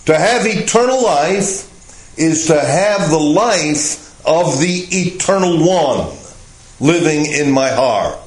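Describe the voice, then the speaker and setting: A man teaching a Bible lesson as pastor, speaking slowly and deliberately with frequent "uh" fillers. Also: fairly high pitch, animated, roomy sound, low-quality recording.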